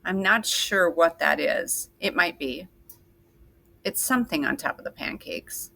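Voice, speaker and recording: Woman, grade school teacher, slow patient sing-song delivery, bright tone. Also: on the low side, lively intonation, creaky, slight background noise. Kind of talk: recorded classroom lesson for children.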